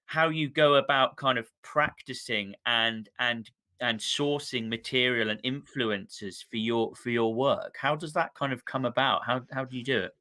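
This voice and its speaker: A man's voice: medium pitch, moderate pace, few pauses, pushed and bright. A man interviewing a musician on stage, with enthusiastic but hesitant questions.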